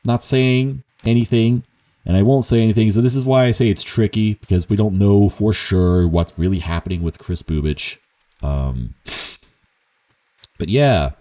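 Low, mellow-voiced young man rambling. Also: normal speed. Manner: rambling and self-mocking, with fillers and chuckles. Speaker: baseball commentator. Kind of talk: casual solo commentary.

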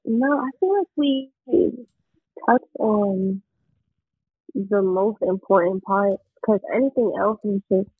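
A woman's voice: medium pitch, takes it slowly, slightly rough. A woman, a guest on a podcast, chatting casually and laid back, mostly giving short replies. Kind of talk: casual chat. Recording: tinny phone-like line.

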